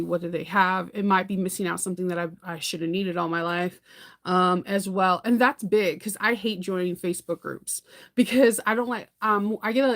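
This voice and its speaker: Woman host for a relaxed sewing live chat: talkative, rambling, quick to laugh. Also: medium pitch. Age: adult parent. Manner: chatty, rambling, laughs often, answers viewer comments. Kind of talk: casual livestream chat.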